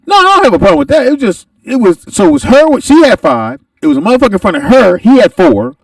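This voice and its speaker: High, creaky, lively male storyteller. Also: quick pace. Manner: animated, profane storyteller. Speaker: podcast host. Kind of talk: casual comedic storytelling. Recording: distant mic in a dry room.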